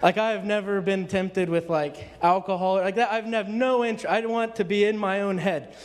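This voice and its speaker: A man's voice: sits high, fairly even intonation, moderate pace, big-room sound. A man giving an earnest, rambling church testimony to the congregation, often restarting his sentences. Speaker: church speaker. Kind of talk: informal sermon testimony.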